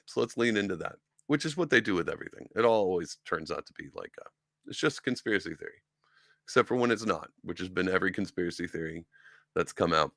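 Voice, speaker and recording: A low-pitched male podcast host delivers casual solo commentary in a brisk, lively way, with vocal fry and a slightly bright tone. He rambles sarcastically, full of ums and restarts, with sci-fi collectibles behind him. The studio recording is clean with no echo.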